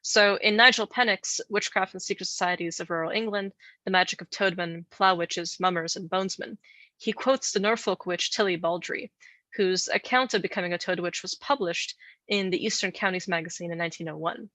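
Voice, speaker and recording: A woman's voice: fairly low pitch, fairly even intonation, fairly quick, bright, forceful tone, no room sound. A woman co-hosting a podcast, telling folklore in casual chat with playful asides and frequent laughter. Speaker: podcast co-host.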